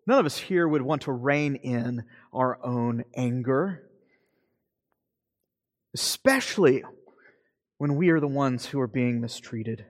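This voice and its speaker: A man preaching a sermon as pastor, earnest, slowing for emphasis and then speeding up. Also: mid-range voice, in a large hall. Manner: earnest preaching, shifting between slow emphasis and quick asides.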